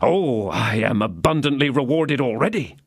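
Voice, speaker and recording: A man's voice: medium pitch, expressive, moderate pace, breathy edge, dry recording, clean studio sound, voice pushed up. A man voicing an ardent young swordsman in a storybook reading, making eager, gallant declarations. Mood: tender.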